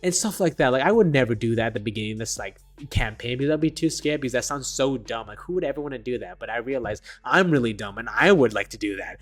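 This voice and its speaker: A man's voice: mid-range voice, expressive, fast, faint music behind. A young man talking casually to camera as a dungeon master, rambling and self-deprecating with nervous laughs, into a desk microphone.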